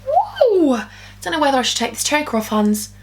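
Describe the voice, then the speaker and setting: Young woman vlogging in her bedroom, high voice, chatty and gossipy, bit of a sore throat. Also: rapid-fire. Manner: animated, gossipy, jumps to high squeals when quoting. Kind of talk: storytime vlog.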